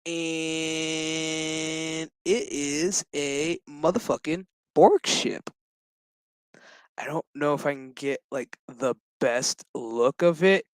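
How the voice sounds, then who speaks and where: A man's voice: a little high, takes it slowly, clean tone, no room sound, poor audio. A man giving a rambling, profane and jokey casual recap of a TV episode. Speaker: show reviewer.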